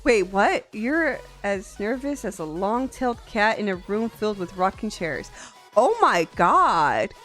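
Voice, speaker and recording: A young woman streamer chatting casually on a live stream, animated and quick to laugh, swearing freely. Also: medium pitch. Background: faint music.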